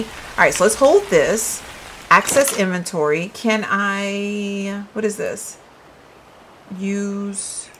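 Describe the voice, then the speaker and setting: A woman's voice: medium pitch, bright, forceful tone, a little hiss or hum, low-quality recording. A woman giving casual let's-play commentary, chatty and puzzled, thinking aloud to her viewers. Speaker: gaming video creator.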